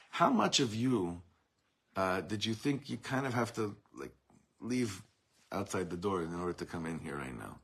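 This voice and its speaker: A man teaches a Torah class to a room of students, working through the material in a warm, searching way with many restarts and quotes from Hebrew texts. His voice is medium in pitch with a breathy edge.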